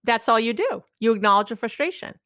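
Middle-aged woman, expressive advice-giver, lively pitch, slightly high, dry close mic. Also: fast, no room sound. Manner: expressive, acts out quoted voices with big swings. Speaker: guest expert. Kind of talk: animated conversational advice.

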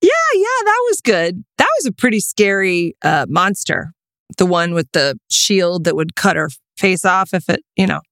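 Woman, podcast co-host, casual chat, pitch swinging widely, dry close sound. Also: normal speed, dry recording. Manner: chatty, animated, trailing off mid-sentence.

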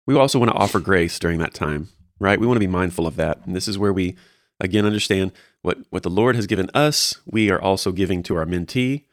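Fast-talking earnest man, low voice. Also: no room sound, clean studio sound. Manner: earnest, encouraging, many restarts. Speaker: co-host discussing mentoring. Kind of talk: casual faith-based discussion.

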